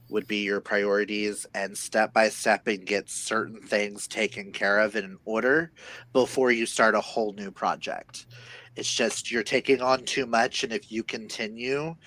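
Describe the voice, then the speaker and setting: A man's voice: on the low side, fairly bright tone, dry recording, low-quality recording. A man co-hosting a casual live-stream chat, giving playful, dramatic oracle card readings. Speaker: co-host reading oracle cards.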